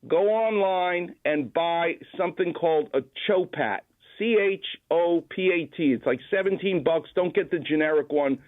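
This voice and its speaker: A doctor calls in and walks the hosts through his advice with calm, exact confidence. His voice sits fairly high. The phone line makes it thin and tinny. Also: moderate pace. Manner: confident, precise, instructive. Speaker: doctor guest on call-in. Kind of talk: explaining medical advice.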